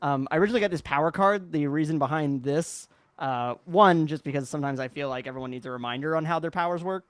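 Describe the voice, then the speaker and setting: A man's voice: fairly high pitch, quick pace, no room sound. A man hosting a podcast livestream, explaining things in a rambling way with many fillers. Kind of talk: casual chat on a livestream.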